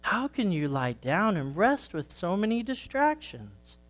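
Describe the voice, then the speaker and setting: A man's voice: high voice, big pitch swings, unhurried. A man voicing a young, neglected female sheep who asks anxious, worried questions in a storybook.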